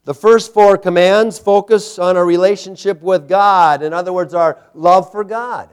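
Smooth and steady, this pastor's high-sitting voice moves at a measured pace. He preaches emphatically, repeating phrases as his sermon climbs in intensity.

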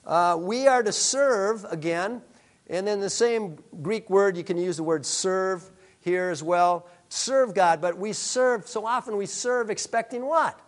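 A man's voice: high voice, unhurried. A male pastor preaching a sermon, emphatic, with rhetorical questions to the congregation.

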